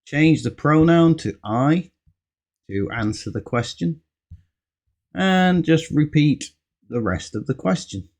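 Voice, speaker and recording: A man's voice: on the high side, animated, takes it slowly, pauses often, a little mellow. A man teaching an English speaking lesson, patiently modelling example answers and stressing key words. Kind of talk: slow, patient ESL lesson.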